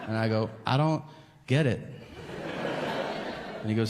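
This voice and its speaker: In a lowish voice at normal speed, pausing often, the stand-up comedian swears and performs both halves of a conversation with animation. The background is noisy, and the big venue's laughter carries long reverb.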